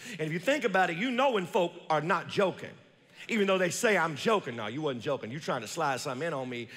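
A fairly high-voiced man preaching to his congregation in a church with a long ringing reverb. He stretches scripture out slowly, then drops into low, quiet asides and calls for the people to read along with him. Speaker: pastor. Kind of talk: sermon. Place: church sanctuary.

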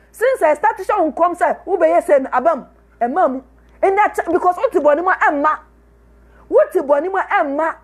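High-voiced Ghanaian woman preaching. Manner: repetitive, emphatic preaching, switching between Twi and English. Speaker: prophetess and preacher. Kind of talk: sermon.

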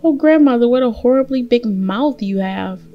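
A woman's voice: fairly high pitch, expressive, moderate pace, dull audio, faint music behind. A woman voicing an innocent, trusting young girl in a read-aloud fairy tale. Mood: wondering.

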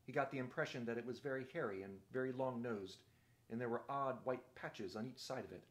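A man reading a novel aloud in a steady, measured narrating voice. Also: mid-range voice. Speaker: reader.

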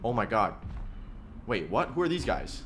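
A man giving casual reaction commentary on a cartoon, excitable and slangy, laughing often. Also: fairly low pitch, normal speed, noisy background.

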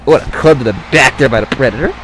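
In a mid-range voice, a man races through casual commentary on a wrestling video game, getting excited, swearing, and rambling off on asides. The recording is rough, with a little hiss or hum.

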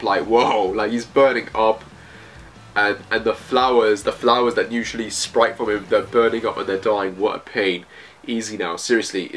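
A man's voice: on the low side, a bit bright. A man reviewing manga chapters in casual commentary, reading panels aloud in loose, slangy phrasing.

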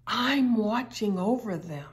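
A woman's voice: on the high side, expressive, slow pace. A woman teaching a daily Bible study in an earnest, emphatic way, often repeating her phrases. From United States.

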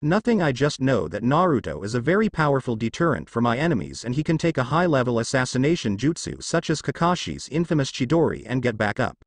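A man's voice: mid-range voice, sing-song, fast, hardly any pauses, no echo. A man voicing a stern, commanding elderly male village leader in a fan fiction reading. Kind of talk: fan fiction read-aloud.

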